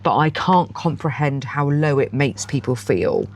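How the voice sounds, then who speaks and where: A woman's voice: very deep voice, animated, measured pace, a little mellow. A woman in her forties, co-hosting a podcast in casual chat and telling stories with acted-out dialogue. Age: 40s. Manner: chatty storyteller who acts out quoted dialogue. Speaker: podcast co-host.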